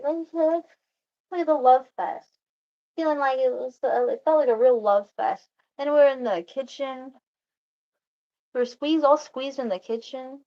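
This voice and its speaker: Her voice sits on the high side with a darkish tone, and the recording has its highs cut off. She's a vlogger chatting casually, telling a meandering story full of restarts and quick quoted asides from others.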